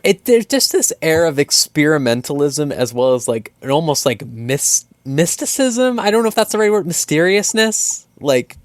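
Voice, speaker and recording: A man co-hosting a gaming podcast, chatting casually and swearing freely, with an animated delivery. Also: a little high, normal speed, few pauses, dry recording. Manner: animated, profane, acts out little voices. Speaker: podcast co-host. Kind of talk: casual chat.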